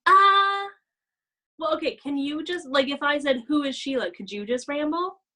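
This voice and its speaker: A woman with a fairly high voice chatting casually as a co-host. She talks animatedly, fills her sentences with "like," and acts out gasping, breathless apologies. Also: moderate pace, pushed and bright, poor audio. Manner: frequent "like" fillers. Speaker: podcast co-host. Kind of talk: casual chat.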